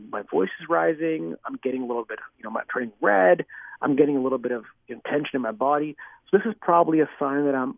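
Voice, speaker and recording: A clinical psychologist answers interview questions earnestly and explains things at length, often restarting sentences and saying "you know." His voice is mid-range and creaky, with no echo, heard over a dry, tinny phone line.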